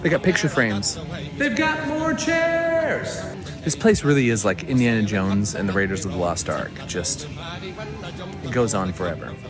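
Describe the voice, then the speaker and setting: A man's voice: lowish voice, animated, moderate pace, over music. A man hosting a travel vlog, chatty and enthusiastic as he tours a large warehouse. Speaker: travel vlogger.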